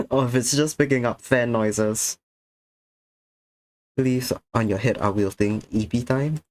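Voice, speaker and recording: A man's voice: mid-range voice, takes it slowly. A tired man chatting to viewers during an art stream, a little sick, drowsy and slurring slightly. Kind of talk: casual stream chat while drawing.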